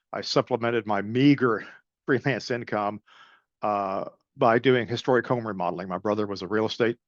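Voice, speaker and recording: A man's voice: on the low side, dry recording, dull audio. A middle-aged man giving a webinar presentation as a pricing consultant, speaking in a blunt, emphatic coaching manner and checking in with "right?" and "okay?".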